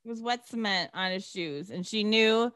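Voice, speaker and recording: A woman's voice: mid-range voice, normal speed, a bit bright, clean tone, dry recording, clean studio sound. A woman co-hosting a casual movie-review chat, sarcastic and swearing freely. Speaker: podcast co-host.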